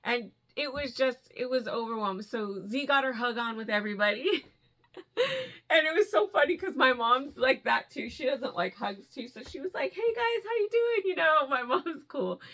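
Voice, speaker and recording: A woman vlogging about yarn in a casual, gushing way, laughing easily. Her voice sits a little high and has a gravelly fry in it. She talks straight to her viewers like old friends. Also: normal speed. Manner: excited, gushing, laughs often. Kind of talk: casual chat to camera.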